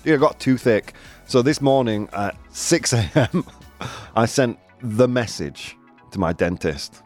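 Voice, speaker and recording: A man's voice: medium pitch, expressive, takes it slowly, a little mellow, soft background music. A man hosting a live morning show, chatting casually and playfully, switching between languages and punching words for emphasis.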